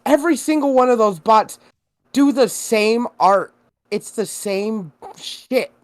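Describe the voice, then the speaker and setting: A young man co-hosting a podcast in casual chat, profane and quick to laugh. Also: high voice, lively intonation, no echo. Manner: profane, laughing, restarts a lot. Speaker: podcast co-host and streamer.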